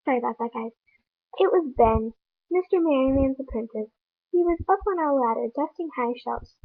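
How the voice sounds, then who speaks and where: Young girl reading a kids' book out loud, high voice, sounds like a phone. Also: brisk, vocal fry. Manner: casual, apologetic asides, stumbles and restarts while reading. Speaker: reader. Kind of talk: reading a children's book aloud. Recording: tinny phone-like recording.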